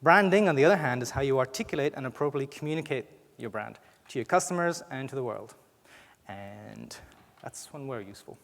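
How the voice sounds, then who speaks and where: A man's voice: medium pitch, animated, fairly quick, creaky, fairly bright tone. A man with an Irish accent giving a conversational conference talk, often restarting his sentences. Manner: conversational, frequent restarts and fillers. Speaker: conference speaker. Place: conference hall. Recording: reverberant hall.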